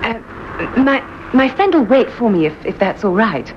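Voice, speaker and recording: An actress playing an eager, credulous woman in an old radio drama, stammering when excited. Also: a little high, unhurried, dull audio, background noise. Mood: eager, awed.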